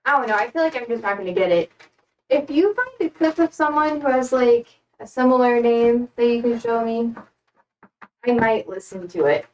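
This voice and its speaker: A woman's voice: a little high, normal speed, darkish tone, muffled recording, a little hiss or hum. Young American woman streamer, playful and self-deprecating, slightly distant from the mic. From United States. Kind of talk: casual chat while repotting plants.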